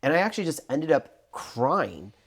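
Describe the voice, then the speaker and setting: A man in his thirties, voice a little high and pace moderate, co-hosts a faith podcast and tells a personal story with animation, acting out the voices of others. It comes across as conversational testimony.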